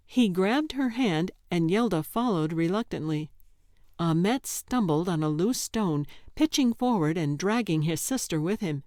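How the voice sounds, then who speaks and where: A woman narrating an audiobook in a measured, deliberate storytelling manner. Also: on the low side, animated, darkish tone, no echo, studio quality.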